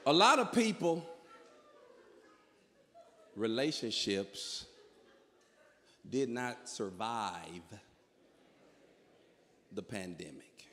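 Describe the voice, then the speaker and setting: A man doing stand-up comedy in a large live venue, telling stories with animated delivery and shouting his punchlines. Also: lowish voice, extremely slow, pauses often. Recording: long reverb of a large venue.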